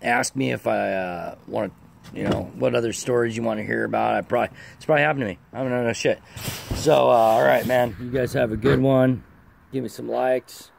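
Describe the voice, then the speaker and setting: A man's voice: medium pitch, fairly even intonation, fairly quick, vocal fry, noisy background. A man telling a rambling, profane story in a casual vlog, full of fillers and swearing. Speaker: storyteller vlogger.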